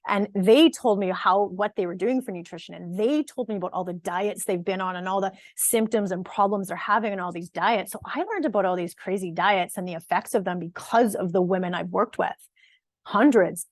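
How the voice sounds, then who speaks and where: A woman's voice: medium pitch, fairly quick, dry recording, studio quality. A woman in her forties, a fitness and nutrition coach, talking straight to her audience in an earnest, emphatic way and often restarting her sentences. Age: 40s. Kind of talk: casual direct-to-camera monologue.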